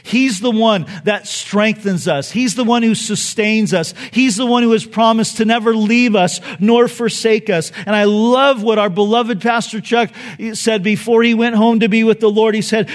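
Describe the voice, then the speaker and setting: A male pastor preaching a sermon with passion, firing rhetorical questions and dropping soft and low on key phrases. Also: steady tone, normal speed, few pauses.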